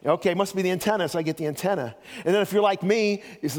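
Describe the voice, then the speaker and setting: An older man preaches from the pulpit of a church, his voice sitting a little high for a man. He tells folksy stories and drops joking asides as he goes, and the words ring out with a long reverb from the large hall around him. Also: fast. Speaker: pastor. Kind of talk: sermon.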